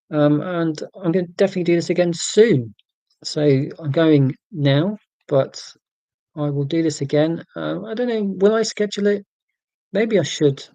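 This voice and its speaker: A man's voice: fairly high pitch, warm tone, dry recording. A man hosting a casual livestream, rambling from home while reading out viewer comments in a chatty, self-deprecating way. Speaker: livestream host.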